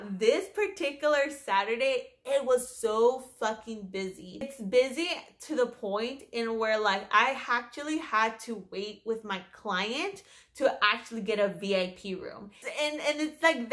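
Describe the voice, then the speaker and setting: Bright, animated young woman telling a story. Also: on the high side. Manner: animated, lots of swearing and fillers. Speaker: vlogger. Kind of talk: casual storytelling.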